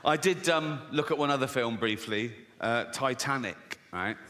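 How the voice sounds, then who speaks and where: A man's voice: medium pitch, normal speed, slight background noise. A man doing stand-up comedy, sardonic and profane, often breaking into laughter. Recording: reverberant live venue, loud ambience.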